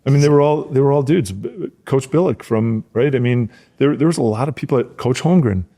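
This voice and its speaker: A man's voice: medium pitch, fairly quick. A middle-aged man from rural Wisconsin, a former football player, telling stories in a casual podcast interview and acting out his old coaches. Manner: animated storyteller, acts out coaches' shouts in a raised voice.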